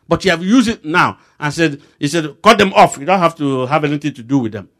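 A middle-aged man with a Nigerian accent delivers a sermon full of stories. His fairly high voice climbs and drops a lot, and he punches key lines loudly. The talk is lively. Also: brisk. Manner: animated storytelling with voice rising sharply for emphasis. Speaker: preacher.

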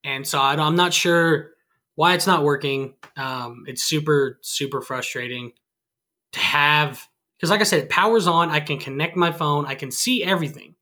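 A man's voice: fairly high pitch, moderate pace, pushed and bright. A man in his twenties chatting casually, acting out both sides of conversations as he tells stories. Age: 20s. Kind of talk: casual storytelling chat.

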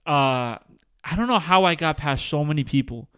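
A man's voice: on the high side, lively intonation, normal speed, a bit bright, clear, resonant tone. A young man, co-hosting a podcast and telling stories in a frank, profane, exasperated way. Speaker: podcast co-host. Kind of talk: casual chat, storytelling.

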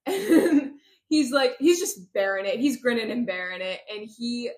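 A woman's voice: mid-range voice, lively intonation, normal speed, a little mellow. A woman co-hosting a book podcast, recapping the plot in a chatty, joking way. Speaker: podcast co-host. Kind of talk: casual book-club chat.

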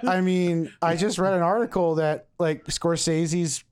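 A man's voice: on the high side, steady tone, unhurried, a little mellow, clear, resonant tone. A man co-hosting a beer tasting podcast, chatting casually, joking and swearing, laughing often. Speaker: podcast co-host. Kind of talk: casual chat tasting beers.

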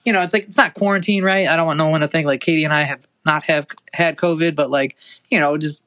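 A man's voice: a little high, steady tone, fast, sharp tone. A young man hosting a podcast, chatting casually, rambling with lots of fillers and swearing. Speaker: podcast host. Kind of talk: casual profane chat.

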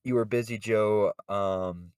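A man's voice: on the low side, steady tone, takes it slowly, a little mellow, clean tone, dry recording. A man hosting a casual podcast chat, rambling with many fillers and chuckling often. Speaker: podcast host.

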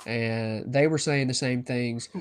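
A man's voice: mid-range voice, steady tone, takes it slowly, over a noisy crowd. Man, podcast co-host, casual chat, upbeat, long-winded explanations, mid-range voice. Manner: upbeat, explains the rules at length.

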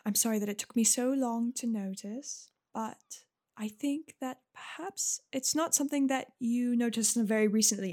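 A woman voicing a warm, chatty female school counselor in a tabletop fantasy game, who rushes her words and then apologizes. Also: a little high. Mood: kind. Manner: gushing, talks fast then apologizes.

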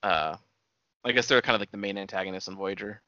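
A man's voice: fairly low pitch, fast talker, pushed and bright, no room sound, dull audio. A man in casual chat, explaining a TV series' background with hedging asides. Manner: knowledgeable fan, explains lore with hedging asides.

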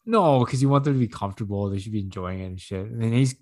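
A man's voice: quick pace, darkish tone. Profane, rambling man telling a story. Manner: rambling, profane, laughs often; acts out quotes in a higher voice. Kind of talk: casual chat, storytelling.

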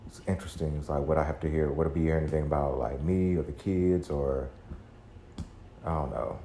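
A man's voice: a bass voice, fairly even intonation, fairly quick, mellow. A man hosting a solo confessional podcast at home, rambling and introspective, cursing freely and trailing off with sighs. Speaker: podcast host. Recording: roomy echo, faint background hum.

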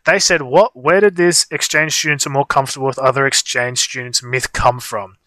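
A young man co-hosts a livestream, telling a long, meandering story in casual chat with plenty of fillers. His voice has a bright edge, and the recording is dry and close. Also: medium pitch, steady tone, a little fast, dry recording. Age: young adult. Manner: rambling storytelling with frequent fillers. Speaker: livestream co-host.

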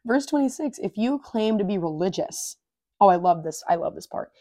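A woman with a soft, mellow voice hosts a casual devotional podcast. She reads verses aloud, repeats them, and reflects on them in earnest, everyday language. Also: medium pitch, animated, normal speed, no room sound, studio quality. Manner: earnest and informal, says "dude" and "like"; openly moved and emotional. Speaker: podcast host.

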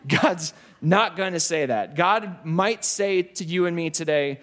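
A male pastor preaches a sermon in an emphatic, repetitive style. His voice sits a bit high for a man. He slows down and goes quiet to drive a point home. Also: expressive. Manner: emphatic, repeats key phrases, drops low and slow for weight.

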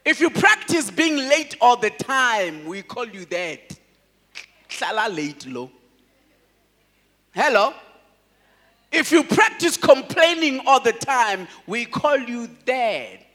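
A man, a pastor, preaching a sermon in an animated way, laughing often and calling out to his congregation. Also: extremely high pitch, slow pace, pauses often, in a large hall.

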